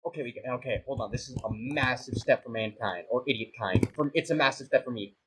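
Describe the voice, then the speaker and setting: A man's voice: mid-range voice, a little fast, fairly bright tone, slight background noise, low-quality recording. Flustered, self-mocking young man gaming. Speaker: gaming YouTuber. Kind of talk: casual gameplay commentary.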